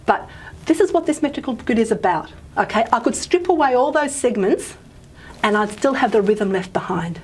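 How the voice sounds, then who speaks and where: A woman's voice: fairly high pitch, animated, moderate pace, a little mellow, breathy edge. A woman giving a phonetics lecture in a chatty way, often checking in with "okay?".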